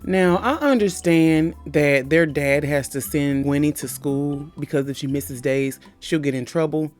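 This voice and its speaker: A woman's voice: sits low, a little slow, a little mellow, soft background music. A woman giving a comedic movie recap, blunt and profane with wry asides.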